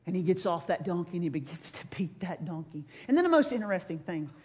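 A woman preacher retelling a scripture story in a sermon, with animated storytelling that swings from loud to hushed. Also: fairly low pitch, fast.

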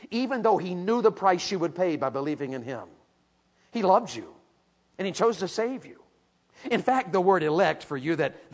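A man preaching a sermon to a young audience, dropping low and quiet, then rising to shouts and repeating words for emphasis.

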